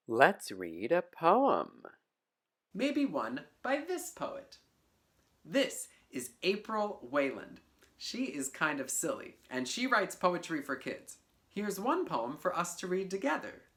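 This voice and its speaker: A woman's voice: low voice, a bit bright. A woman teaching artist giving a playful, encouraging poetry lesson to children, speaking directly to them. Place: home video for a virtual class.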